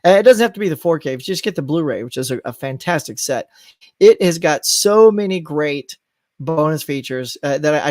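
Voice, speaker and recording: Guy on a live movie stream, rambly and animated, kinda high voice, dry sound. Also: no echo. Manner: rambling and animated, laughs at his own tangents. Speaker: host of a live movie chat show. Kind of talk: casual live-stream chat reading viewer comments.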